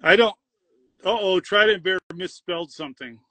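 A man's voice: high voice, moderate pace, bright, forceful tone, no echo. A middle-aged man hosting a livestream, upbeat, reading viewer comments aloud and chatting.

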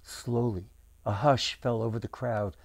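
A man's voice: medium pitch, steady tone, a little slow, gravelly, no echo. A man as author reading his own storybook aloud, with acted voices for the characters.

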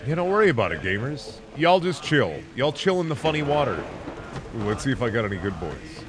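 A man's voice: medium pitch, very animated, a little fast, background noise. A man casually commenting while streaming a video game, playful and profane.

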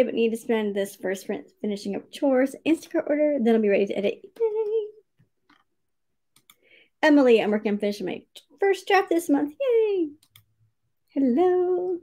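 A cheerful woman hosts a livestream from home, greeting viewers one by one and reading their comments aloud. Her voice sits high and swoops up and down with lively expression, and she laughs often between names. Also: normal speed. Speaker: livestream writing sprint host.

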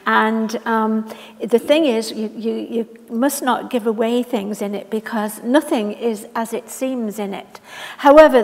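A woman interviewing an author onstage, asking measured, articulate questions. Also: on the high side, creaky. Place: library event hall. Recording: long reverb from a hall.

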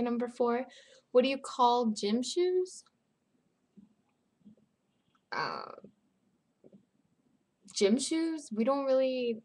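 A young woman from Las Vegas talks casually into her webcam at home. Her voice sits a little high, and she speaks slowly and hesitantly. She fills her pauses with ums and likes. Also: a little mellow. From Las Vegas, Nevada. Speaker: vlogger. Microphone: webcam mic.

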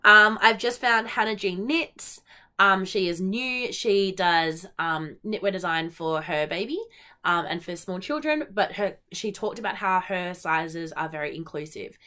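A young woman with an Australian accent and a bright, clear voice chats on her own. She talks with high energy and bounces from thought to thought, dropping plenty of ums and likes along the way. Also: measured pace. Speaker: knitting podcast host. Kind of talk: casual solo chat.

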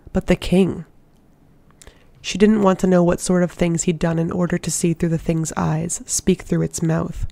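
An amateur audiobook narrator reading a fantasy novel in a steady, measured way. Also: mid-range voice, creaky, no echo.

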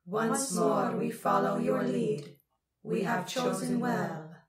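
A woman's voice: lively intonation, slow, recorded from a distance, over a noisy crowd. A woman voicing an old crone leader who speaks in a cold, commanding manner, recorded in a roomy space. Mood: booming. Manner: cold, imperious, booming. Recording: roomy echo.

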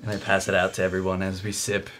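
A man with a lowish voice, playing in a tabletop game and walking through his character's actions in a relaxed, detailed way. Faint noise sits under the recording. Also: fast. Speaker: player.

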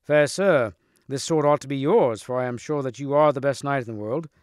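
A man's voice: medium pitch, a little fast, no echo, clean studio sound, lightly acted. A man reading aloud, voicing a king who speaks formally and with command. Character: stately male king, commanding.

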